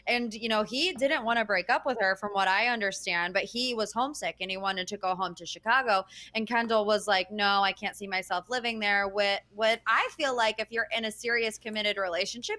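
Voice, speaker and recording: A woman's voice: a little high, normal speed, sharp tone. A woman co-hosting a casual chat, gushing and enthusiastic. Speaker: co-host.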